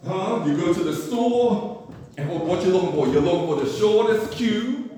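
A man's voice: sits high, expressive, moderate pace, mellow. A man preaching a sermon, asking the congregation questions and acting out everyday scenes. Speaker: pastor. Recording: echoey distant room mic with noise.

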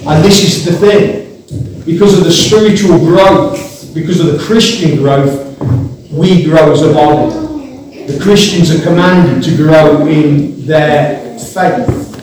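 A man's voice: on the high side, lively intonation, slow pace, darkish tone. A man preaching a sermon to his congregation, earnest and rising into impassioned emphasis. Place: church building. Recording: echoey church hall, mic at a distance, background noise.

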